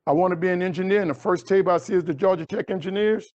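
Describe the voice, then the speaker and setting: Animated storytelling man, high voice. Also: rapid-fire, highs cut off. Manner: animated storyteller acting out dialogue with big pitch jumps. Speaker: motivational speaker. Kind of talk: storytelling keynote speech.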